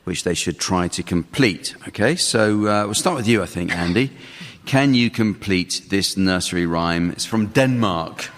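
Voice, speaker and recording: Deadpan low-voiced male quiz chairman. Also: a little slow, hardly any pauses. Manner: dry, deadpan delivery of scripted jokes. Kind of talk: hosting a comedy panel game. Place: large theatre stage. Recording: live theatre hall with audience laughter.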